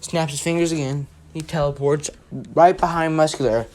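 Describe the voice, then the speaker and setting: A man's voice: on the high side, steady tone, moderate pace, a little mellow. A young man telling a story casually, rambling and often checking in with right?. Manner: rambling, keeps asking right?.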